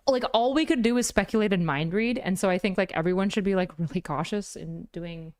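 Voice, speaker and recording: A woman's voice: mid-range voice, fairly quick, darkish tone. A woman talking casually in a commentary video, chatty and full of filler likes.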